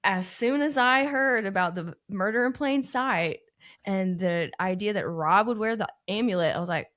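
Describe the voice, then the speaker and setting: A woman's voice: medium pitch, normal speed, fairly bright tone. A woman co-hosting a casual podcast, candid and self-deprecating, often laughing at herself. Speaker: podcast co-host. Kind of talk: casual chat.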